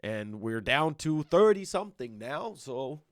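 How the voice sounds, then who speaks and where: A man's voice: medium pitch, very animated, unhurried. A man leading a casual community meeting as a roleplay server's staff lead, talking in a rambling, stop-start way and often repeating words.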